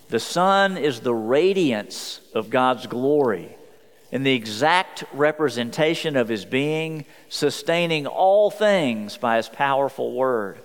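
A male pastor delivers an earnest sermon at a mid pitch. He slows down for quoted scripture, and his voice rings with a long reverb, as if from a large church hall.

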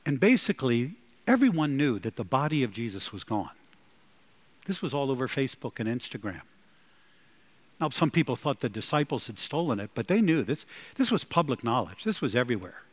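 A man delivering a sermon at a middle pitch, his voice swinging widely up and down. He preaches in an emphatic, animated way and breaks into loud bursts to drive points home. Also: a little fast. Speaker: pastor.

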